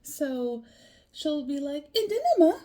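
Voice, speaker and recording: A woman's voice: medium pitch, expressive, slow, a little mellow. A woman learning a language, talking it over casually in a video diary, thinking aloud in a loose, rambling way.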